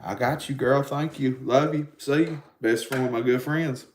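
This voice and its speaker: A livestream host in his forties with an Appalachian accent rambles and swears while chatting casually with viewers. His mid-range voice is steady at a moderate pace. There's slight background noise and a roomy echo.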